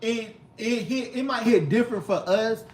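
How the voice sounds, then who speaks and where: A man's voice: very high voice, normal speed, slight background noise, rough recording. A man as an interview guest in casual chat, talking earnestly and with emphasis, often acting out voices.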